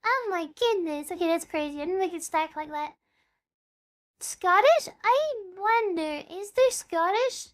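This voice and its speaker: A woman's voice: very high-pitched, animated, a little slow. A woman VTuber chatting casually on a live stream, bubbly and talkative, dropping playful meows between sentences.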